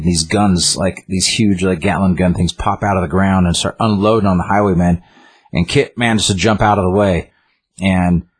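A man with a deep, slightly husky voice talks through a comic book story in a loose, rambling way. He stumbles, restarts and fills gaps with "like" and "um" as he reviews it. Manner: rambling, lots of fillers and restarts. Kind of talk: casual chat retelling a story.

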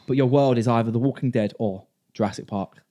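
A man's voice: mid-range voice, fairly quick, dark tone. A man co-hosting a podcast, blunt and jokey, swearing freely and putting questions to his co-host. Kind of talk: casual banter.

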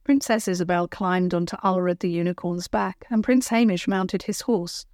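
A woman narrating a children's storybook in a gentle, clear read-aloud manner. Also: on the low side, normal speed, dry recording, studio quality.

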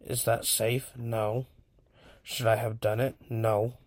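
Young guy from california ranting casual and blunt, lots of swearing, slow flat delivery, dry close sound. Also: fairly low pitch, no echo. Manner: blunt, profane, storytelling. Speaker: podcast host. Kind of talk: casual rambling monologue.

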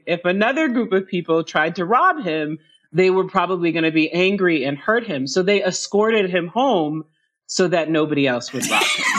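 A woman guest in a podcast interview, telling funny stories casually, laughing often and restarting her sentences. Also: fairly low pitch.

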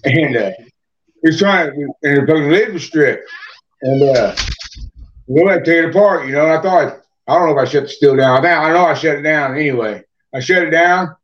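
Man, rambling, heavy cursing, slightly high voice, dull lo-fi sound. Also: fairly quick, fairly bright tone, slight background noise. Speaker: podcast guest, moonshiner. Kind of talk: casual storytelling. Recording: dull lo-fi podcast audio.

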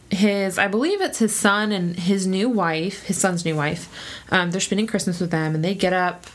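A woman co-hosting a casual chat, telling a story with frequent laughs and lively quoted voices. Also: lowish voice. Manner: chatty, laughs often, lively quoting voices. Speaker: podcast co-host telling a true story.

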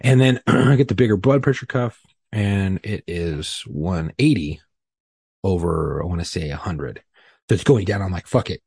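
Guest, male, low and very husky voice, rambling profane storyteller, laughs at himself, dry close mic. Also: expressive, moderate pace, darkish tone, no echo. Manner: profane, rambling, self-deprecating. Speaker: podcast guest. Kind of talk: casual storytelling.

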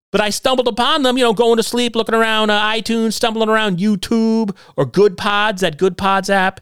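A man's voice: high-pitched, a bit bright, clean tone, no room sound, studio quality. A middle-aged man hosting a solo podcast from his basement, talking in a sarcastic, combative and self-deprecating way. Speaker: podcast host. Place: home basement.

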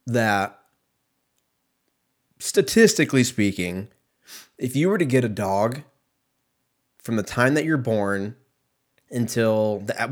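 A young man hosting a solo podcast, rambling in a profane, self-mocking way as he talks. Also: lowish voice. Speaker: podcast host. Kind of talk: casual solo podcast rant.

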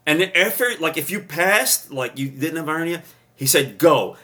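A man, a retired police officer on a podcast, telling stories with rambling restarts and rising loud when excited. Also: on the high side, moderate pace. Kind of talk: casual storytelling chat.

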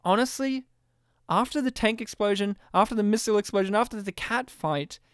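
A woman's voice: mid-range voice, brisk, clean tone, no echo, clean studio sound. A woman co-hosting a podcast, retelling a film in casual chat, laughing often and imitating the characters. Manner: laughing, animated storytelling with imitations. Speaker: podcast co-host. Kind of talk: casual movie review chat.

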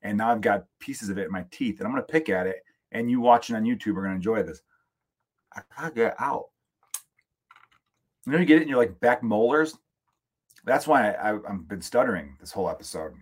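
A man from the United States riffs through a solo podcast rant, cursing freely and wandering off on jokes. His voice sits fairly low with a husky, slightly rough edge, recorded close on a studio microphone. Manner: profane, joking, rambling asides. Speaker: podcast host. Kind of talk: casual solo comedic rant.

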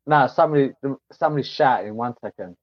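A man co-hosting a podcast in a casual chat, teasing his partner and quick to laugh. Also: mid-range voice, no echo, muffled recording. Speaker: podcast co-host.

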